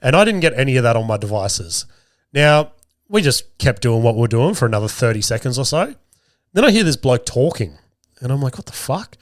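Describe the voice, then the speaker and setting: Hoarse, swearing podcast dad. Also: male voice, medium pitch, sing-song, brisk, dry recording, studio quality. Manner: rambling, profane, self-mocking. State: strained sore throat. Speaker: podcast host. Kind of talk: casual storytelling monologue.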